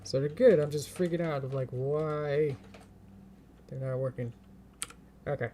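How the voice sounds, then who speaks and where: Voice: medium pitch, steady tone, unhurried, dark tone, a little hiss or hum. A streamer talking casually while animating at a computer, thinking aloud step by step, chanting little counts and laughing often.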